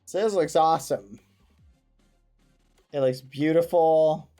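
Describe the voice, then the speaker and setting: A man streaming a game, chatting casually and excitedly with his viewers and using wholesome exclamations instead of swearing. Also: a little high, slow, soft background music. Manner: excitable, talks to his chat. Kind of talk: casual gaming livestream chat.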